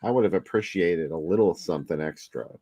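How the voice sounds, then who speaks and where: A man joins a casual movie chat with dry, wry one-liners and mild complaints. His low voice is recorded close and dry. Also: brisk, warm tone, slightly rough, no echo.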